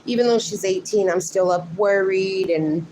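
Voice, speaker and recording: A woman's voice: mid-range voice, moderate pace, darkish tone, low-quality recording. A middle-aged woman hosting a casual livestream from home, chatting with viewers and talking to her dogs. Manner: chatty, reads out and answers viewer comments; speaks fondly to her sleeping dogs. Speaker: livestream host. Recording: noticeable background noise.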